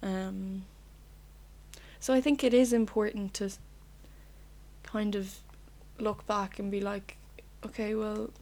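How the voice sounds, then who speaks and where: A young Irish woman talks alone in her bedroom in a loose, casual podcast chat. She rambles candidly and swears without a second thought. Her voice sits at an ordinary middle pitch for a woman. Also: steady tone, slow, long pauses, a little mellow. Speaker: podcast host.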